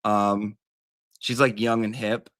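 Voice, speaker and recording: A man's voice: on the low side, flat delivery, takes it slowly, fairly bright tone, no room sound, clean studio sound. A man with a gossipy, sassy, rambling manner, talking casually as a teacher-like persona on a comedy livestream.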